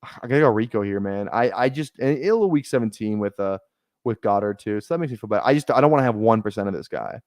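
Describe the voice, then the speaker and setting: A man's voice: on the low side, expressive, fast talker, a little mellow, dry recording, clean studio sound. A man streaming fantasy football drafts, chatting casually in a rambling, joking, self-deprecating way. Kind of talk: casual livestream chat while drafting.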